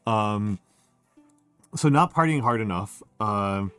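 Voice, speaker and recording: A man talks on a livestream in a low, dry voice close to the mic. He jokes wryly and keeps restarting his sentences. He sounds short on sleep, and faint music plays underneath. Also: animated, slow, fairly bright tone, clean tone, no room sound. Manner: rambling and self-interrupting, with many fillers and restarts; wry and joking. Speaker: streamer. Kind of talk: casual chat on a livestream.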